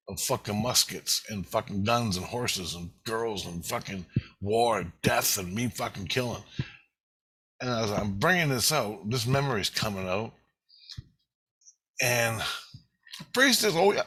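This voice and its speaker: Poor audio carries a man in his fifties with a medium-pitched, slightly rough, somewhat bright voice. A vlogger, he recounts a spiritual experience in rambling first person, emotional and intense, with lots of swearing.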